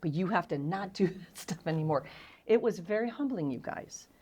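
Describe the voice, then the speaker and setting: A middle-aged woman, a guest on an interview show, telling frank, self-deprecating stories in a candid and animated way. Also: lowish voice, normal speed, husky.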